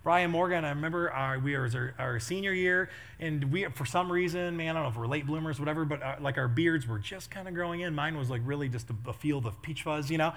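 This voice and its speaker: A man's voice: fairly high pitch, quick pace, few pauses. A middle-aged man, a pastor, telling funny stories in a sermon and laughing as he acts out what people said. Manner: animated, laughing, acts out quotes. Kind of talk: storytelling sermon.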